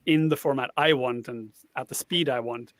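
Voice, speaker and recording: A man's voice: medium pitch, fairly even intonation, normal speed, fairly bright tone, no echo. A man, a guest on a casual panel chat, explaining a tool at length and thinking aloud as he goes.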